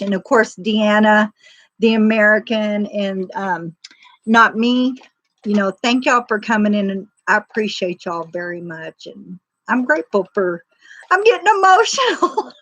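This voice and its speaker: A woman chatting on her livestream in a loose, folksy, rambling way, full of "you know" and "um". Her voice sits at an ordinary middle pitch and sounds close and dry, with no room echo. She talks as if to friends. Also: a bit bright. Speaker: livestream host. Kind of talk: casual faith-driven livestream chat.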